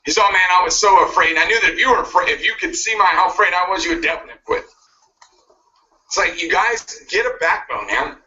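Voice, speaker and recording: High, forceful motivational speaker man. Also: lively intonation, quick pace. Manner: forceful, pushy, laughing at his own jabs. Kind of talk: motivational speech. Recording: muffled video played back from a distance.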